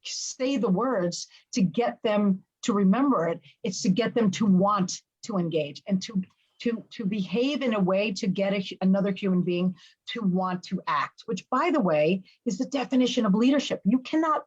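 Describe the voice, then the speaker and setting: A woman in her fifties speaking as a podcast guest, with a medium voice that is neither high nor low. She tells stories with dramatic flair and an animated delivery. Her voice comes through dull, lo-fi remote audio. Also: moderate pace, slightly rough. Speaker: podcast guest, business trainer. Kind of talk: casual interview talk.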